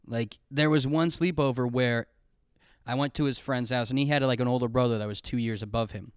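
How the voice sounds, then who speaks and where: A man's voice: mid-range voice, fairly even intonation, a little fast, clean tone, no echo, clean studio sound. A man hosting a casual solo podcast, telling rambling, profane, self-mocking stories. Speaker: podcast host.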